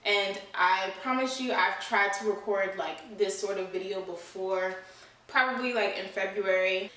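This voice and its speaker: A woman's voice: mid-range voice, normal speed, far from the mic. Earnest young woman in a very echoey room. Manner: earnest, conversational, full of "you know" and "like". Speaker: vlogger. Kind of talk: candid personal vlog. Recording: very echoey room, voice away from mic.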